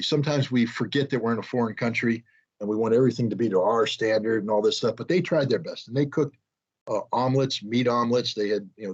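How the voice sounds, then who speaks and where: A man's voice: mid-range voice, a little mellow, slightly rough. An American man telling a rambling, self-deprecating anecdote as an interview guest, with frequent restarts. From United States. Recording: dull lo-fi sound.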